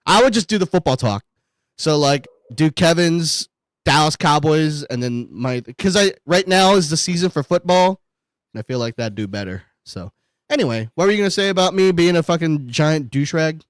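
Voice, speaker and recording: A man's voice: on the high side, expressive, normal speed, dry recording. A man co-hosting a casual podcast, rambling and joking, poking fun at himself and swearing freely. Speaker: podcast co-host.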